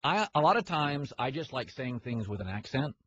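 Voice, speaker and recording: A man's voice: medium pitch, very animated, normal speed, a bit bright, slightly rough, no echo. A man hosting a sports talk show, opinionated and rambling, often stopping and restarting his sentences. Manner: rambling, opinionated, self-interrupting. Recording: slightly muffled, faint hiss.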